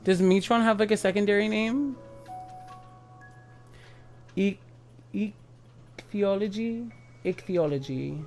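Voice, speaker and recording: A man's voice: high voice, fairly even intonation, a little slow, long pauses, soft background music. A tipsy man chatting casually while streaming a game, rambling with lots of fillers.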